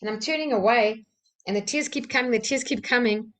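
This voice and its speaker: A woman, a personal-development trainer from South Africa, telling a candid personal story with soft laughs and fillers. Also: a little high, a little fast.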